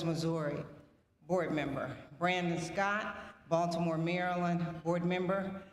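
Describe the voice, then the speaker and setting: A woman announcing a board of trustees, reading names and titles in a steady, measured roll call. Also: deep voice. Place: large banquet hall. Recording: echoey hall with long reverb and faint noise.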